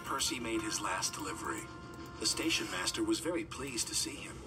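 A middle-aged man narrating a children's storybook in a calm, even manner. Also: lowish voice, brisk. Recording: distant voice under loud music.

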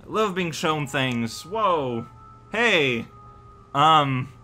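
A man's voice: on the high side, animated, very slow, bright, forceful tone. A man with a Quebec French accent giving rambling, joking gameplay commentary, sometimes singing snatches of songs. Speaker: let's play host. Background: game music.

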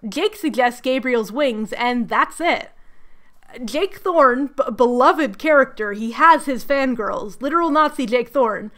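A young woman recapping a book with comedy, sarcastic, animated and self-mocking. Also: sits high, a little slow. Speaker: book reviewer.

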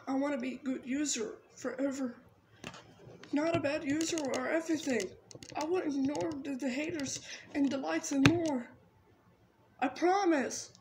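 A female vlogger talking in a rambling, halting way, pleading and upset, often restarting her words. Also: high voice, darkish tone, slight background noise. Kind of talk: rambling emotional vlog talk.

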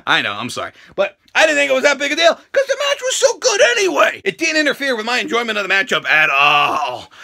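A man reviewing a wrestling show in a casual reaction video, swearing freely and bursting into shouts. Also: extremely high pitch, wildly swooping pitch, fast talker, creaky, hardly any pauses. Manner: profane, ranting, bursts into shouting.

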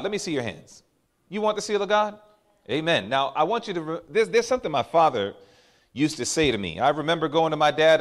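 A man preaching a sermon to a congregation, emphatic and drawing out key phrases, often asking the crowd to respond. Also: a little high. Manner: drawn-out stressed phrases for emphasis.

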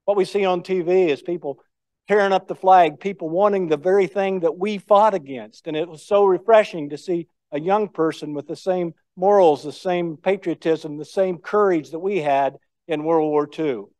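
Speaking at a moderate pace, this older guest speaker has a high-pitched, mellow voice as he shares war stories with folksy, anecdotal charm. It's a storytelling speech captured in a dry recording.

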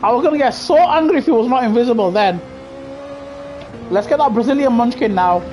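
A woman doing live racing gameplay commentary, excitable and trash-talking other drivers, bursting into shouts. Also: fairly high pitch, a little fast, soft background music. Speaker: gaming streamer.

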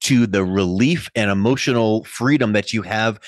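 A man's voice: on the low side, moderate pace, no echo, studio quality. A middle-aged man hosting a podcast interview, talking in a folksy way with everyday analogies. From Colorado. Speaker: podcast host. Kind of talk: conversational interview.

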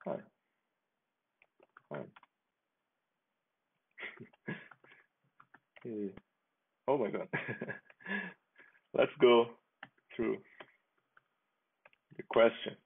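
A man casually demonstrating his software project on a screen share, talking in a halting, unhurried way and chuckling as he goes. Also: medium pitch, very animated, gravelly, slightly rough. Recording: tinny phone-like lo-fi audio.

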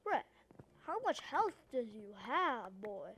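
A young-sounding woman with an Australian accent chatters through her game, her high voice bouncing from joke to joke. She rambles, teases herself and races ahead, with a faint hiss under the mic. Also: big pitch swings, slow. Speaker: gaming YouTuber. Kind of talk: casual let's-play commentary.

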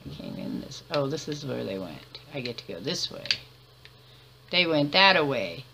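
A woman's voice: very deep voice, very animated, fairly quick, creaky, background noise. A woman giving chatty let's-play commentary, laughing often and muttering to herself as she plays. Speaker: gamer.

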